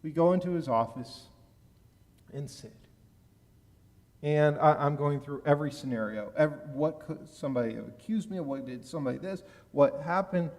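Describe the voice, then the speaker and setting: A man giving a sermon as a rabbi, telling a personal story in an animated way that rises loud at key moments. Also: on the high side, normal speed. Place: synagogue sanctuary. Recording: long reverb of a large hall.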